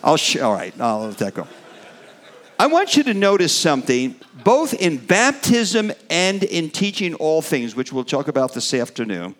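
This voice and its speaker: A middle-aged man delivers a sermon in an animated way, his pitch swinging widely and sitting a little high for a man. He builds to emphatic peaks on key words, then drops back and trails off with fillers. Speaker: preacher.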